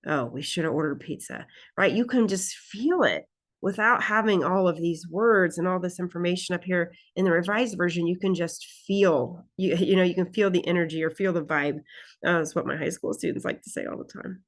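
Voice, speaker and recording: Woman instructor, lower voice, chatty lecture. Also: fairly even intonation, brisk. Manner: conversational teaching, frequent "right?" and "okay?" check-ins; reads example lines aloud expressively. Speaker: college English instructor. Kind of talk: recorded class lecture recap.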